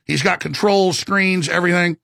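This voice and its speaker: A man hosting a show, ranting in a fast monologue full of stammered restarts and emphatic outbursts. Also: high-pitched, gravelly, pushed and bright, dry recording, clean studio sound.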